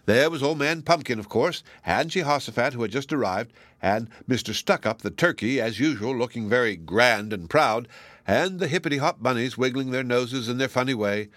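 A man narrating a children's storybook with lively, expressive delivery. His voice is bright and forward, and the recording is dry and close. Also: medium pitch, moderate pace, no echo. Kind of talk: storybook reading.

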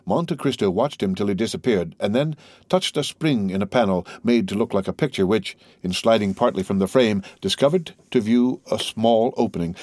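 A man narrating a classic novel with a steady, formal delivery. His voice is low. The recording is close and dry, with no room sound. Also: no room sound. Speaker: audiobook narrator. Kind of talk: literary audiobook narration.

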